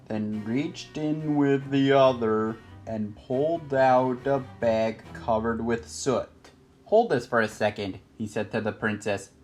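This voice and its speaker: A man narrating a storybook chapter in an expressive, scripted reading. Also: mid-range voice. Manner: expressive, lively. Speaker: audiobook narrator.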